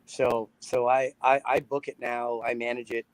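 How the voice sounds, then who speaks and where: A man's voice: medium pitch, flat delivery, normal speed, dry recording, low-quality recording. Canadian man chatting, rambling and laughing. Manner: rambling, many restarts and laughs. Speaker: podcast guest, band frontman. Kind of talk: casual chat.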